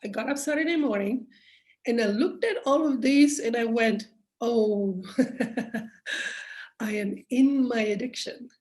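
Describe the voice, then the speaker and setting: Woman, middle-aged, higher pitch, slow and candid, reflective personal talk. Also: a little mellow. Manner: slow, candid, thinking aloud with pauses. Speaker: self-help speaker.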